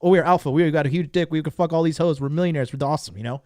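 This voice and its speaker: A man's voice: on the high side, very fast, mellow, no room sound, clean studio sound, pitched above the performer's own voice, lightly acted. A man voicing his own eager, servile subconscious mind as a male figure, agreeing to everything.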